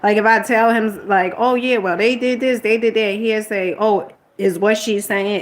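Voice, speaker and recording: This middle-aged woman keeps a steady tone and moderate pace, hardly pausing, as she tells a personal story on her vlog in a mid-range voice. Her rambling, candid account includes retold arguments, quotes of herself, and exasperated motherly lecturing.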